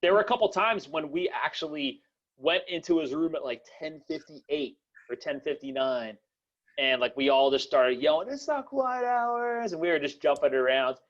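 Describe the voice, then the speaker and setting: A man's voice: on the high side, normal speed, highs cut off. A young man hosting a podcast in casual chat, rambling with many fillers and restarts and laughing often. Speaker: podcast host.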